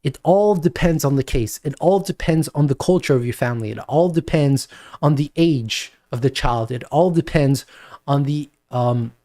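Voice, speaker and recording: A man giving a spoken video lecture with advice for parents, talking deliberately and repeating his points for emphasis. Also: a little high, warm tone.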